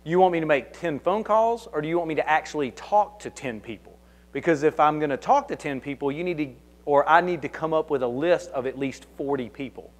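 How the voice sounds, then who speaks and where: A Southern-accented man with a slightly higher voice takes audience questions at a conference talk. He speaks conversationally and tells anecdotes, often restarting mid-sentence. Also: brisk. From Kentucky. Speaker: conference speaker, security consultant. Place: conference hall.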